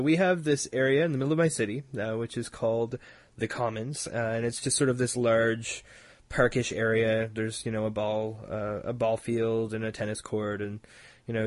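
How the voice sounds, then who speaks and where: A man's voice: medium pitch, dry recording. A man from Halifax, Canada, co-hosting a podcast in casual chat, rambling with laughing asides and mocking imitations. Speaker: podcast co-host.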